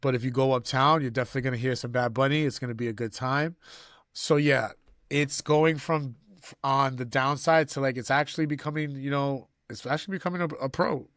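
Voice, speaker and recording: A man's voice: mid-range voice, steady tone, a little fast, a bit bright, no echo. Man co-hosting a podcast. Loose, rambling, jokey delivery. Dry close-mic sound. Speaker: podcast co-host. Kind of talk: casual chat.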